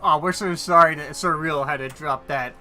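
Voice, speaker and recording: Brief: male esports play-by-play caster, playful and teasing, fairly high voice, clear music bed. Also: normal speed, bright, forceful tone. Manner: playful, teasing, laughs often.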